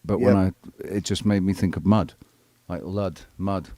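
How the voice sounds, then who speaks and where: A man's voice: sits low, fairly even intonation, normal speed, dark tone, dry recording. A man hosting a casual live panel chat, rambling, crude and joking. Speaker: live show host.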